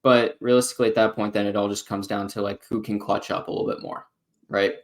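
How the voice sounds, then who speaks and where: A man's voice: on the low side, flat delivery, quick pace. A young man co-hosting a casual sports podcast, telling a story and acting out what he said with lots of filler words. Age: young adult. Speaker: podcast co-host.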